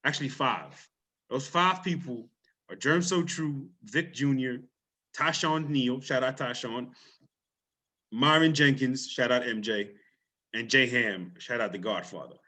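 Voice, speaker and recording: A man with an island accent hosting a sports talk show. He talks in an animated, easygoing way and trips over restarts as he goes. His voice sits at an ordinary middle pitch. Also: measured pace. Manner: energetic, loose, playful with repeated restarts. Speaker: podcast host.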